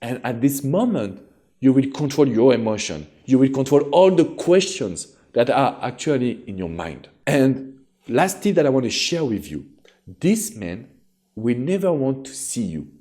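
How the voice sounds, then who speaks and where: A man's voice: medium pitch, big pitch swings, a little slow, dark tone. A man with a French accent giving relationship advice directly to his viewers as a coach, in an earnest and encouraging way.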